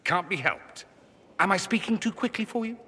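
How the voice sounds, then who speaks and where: A man's voice: mid-range voice, sing-song, bright, forceful tone, big-room sound, exaggerated voice. An actor playing a witty, sardonic male mage in a video game, teasing and dramatic in tone. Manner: quick-witted, teasing, dramatic swings in tone.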